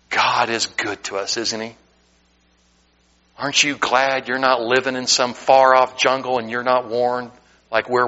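A man's voice: medium pitch, bright, forceful tone, lo-fi sound. A man from the United States, a pastor preaching a sermon in a church sanctuary, fervent, with self-deprecating joking asides.

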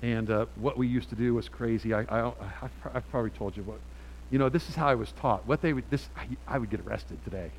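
A middle-aged male pastor preaching a sermon on a handheld mic, animated and emphatic, swinging from quiet asides to loud peaks. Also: mid-range voice, fairly quick, in a large hall, a little hiss or hum.

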